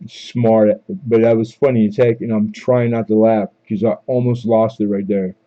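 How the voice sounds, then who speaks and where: A man's voice: fairly low pitch, flat delivery, normal speed, muffled recording. A man hosting a live coin auction stream, calling bids in a casual, joking, chatty way.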